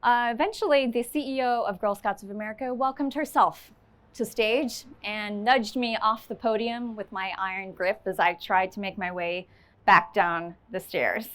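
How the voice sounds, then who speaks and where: A woman's voice: mid-range voice, fairly even intonation, moderate pace, a bit bright. A woman speaking on stage to a live audience, telling a personal story with candid, self-deprecating humor and then answering questions.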